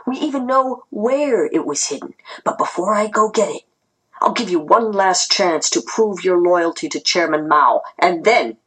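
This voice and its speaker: A woman reading aloud and voicing a cruel male interrogator who taunts and snarls, her voice husky. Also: on the low side, animated, moderate pace, fairly bright tone, low-quality recording. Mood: taunting.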